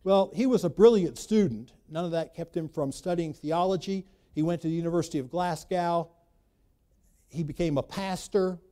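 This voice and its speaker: A man preaching a sermon, emphatic, swinging between loud bursts and quiet asides. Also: fairly high pitch, normal speed. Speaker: pastor.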